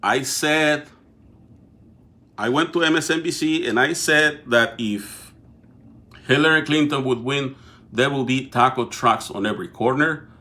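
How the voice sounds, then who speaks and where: Middle-aged male host, Mexican Spanish accent, sharp bright voice, casual talk straight to camera with frequent restarts. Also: medium pitch, unhurried, pauses often. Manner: talkative, repeats and restarts words, addresses viewers directly. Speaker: political show host. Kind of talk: casual live-stream talk.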